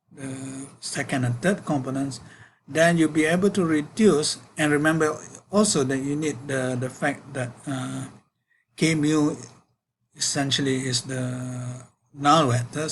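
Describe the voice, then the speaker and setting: A man gives a university physics lecture at a slow, deliberate pace. He talks at a middle pitch and often stops to correct himself between fillers. A faint hum runs underneath. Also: low-quality recording. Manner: slow, halting, with frequent fillers and self-corrections.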